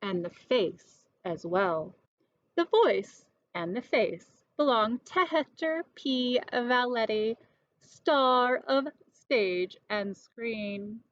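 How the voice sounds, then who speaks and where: A woman reads a storybook aloud with a lively, expressive delivery, her voice fairly high for a woman. The recording is dull and dry, with no room sound. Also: very slow, no room sound.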